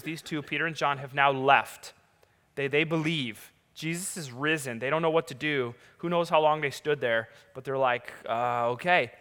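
A man preaching a sermon, reading scripture and retelling the story in an animated, conversational way. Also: on the high side. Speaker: pastor. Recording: large hall with long reverb.

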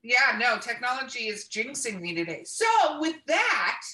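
A woman's voice: on the high side, big pitch swings, moderate pace, pushed and bright. A woman hosting a podcast, chatting casually with bubbly enthusiasm. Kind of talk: casual chat.

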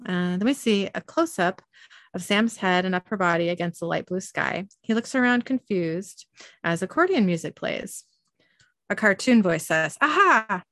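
A woman's voice: lowish voice, moderate pace, no room sound. A young woman hosting a podcast, casually reading an episode recap aloud with frequent ums. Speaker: podcast host.

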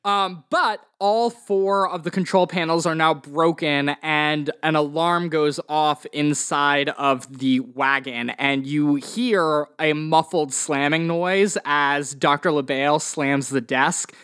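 Patient game master narrating. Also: male voice, on the high side, takes it slowly, hardly any pauses, smooth. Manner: steady, explains rules patiently.

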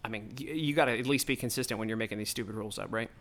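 A man's voice: fairly low pitch, rapid-fire, a bit bright. A man hosting his own podcast, delivering a heated, profane, rambling political rant straight into the mic. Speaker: podcast host.

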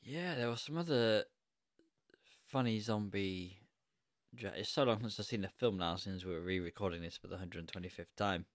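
A man's voice: lowish voice, normal speed, no room sound, studio quality. A man co-hosting a casual film review podcast, rambling and laughing at his own asides. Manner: rambling, self-correcting, laughs a lot. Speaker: podcast co-host.

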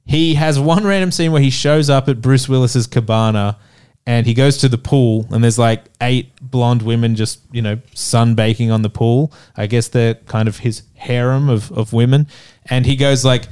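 A man's voice: mid-range voice, steady tone, normal speed, a little mellow, clear, resonant tone. A man hosting a casual movie review chat, retelling scenes and laughing often.

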